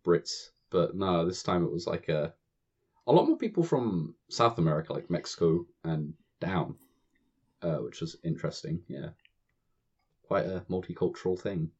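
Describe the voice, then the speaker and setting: A man's voice: low-pitched, lively intonation, moderate pace, darkish tone, husky. A British man, a podcast guest, telling rambling, chatty camp stories. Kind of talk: casual chat. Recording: dull lo-fi audio.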